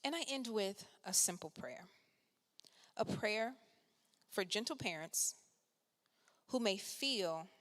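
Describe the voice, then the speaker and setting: A woman minister giving a gentle devotional talk and closing prayer, soft-spoken and unhurried. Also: on the low side. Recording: long hall reverb.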